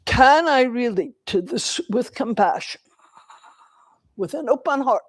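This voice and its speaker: An older woman giving a dharma talk in a temple, telling a personal story in a slow, reflective way with pauses. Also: fairly high pitch, lively intonation, husky, no echo. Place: temple hall.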